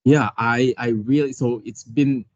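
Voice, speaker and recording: A man's voice: mid-range voice, fairly even intonation, unhurried, dry recording, lo-fi sound. A man, an occupational therapist, talking casually as an interview guest, hesitant with many restarts and frequent laughs.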